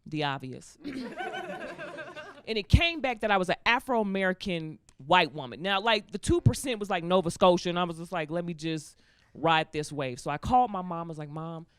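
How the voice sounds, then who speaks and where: A young woman doing a stand-up comedy set, telling stories in an animated, laughing way and slipping into voices, on a stage with a live audience. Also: lowish voice, fairly quick, smooth, dry recording, studio quality. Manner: animated, laughing storytelling that slips into character voices.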